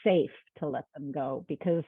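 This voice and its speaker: A woman in her fifties talks in a somewhat low voice, sharing heartfelt stories with quoted dialogue. The sound is thin and phone-like, with no room echo. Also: normal speed, husky. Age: 50s. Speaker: guest, medical student. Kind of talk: candid interview chat. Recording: tinny phone-like call audio.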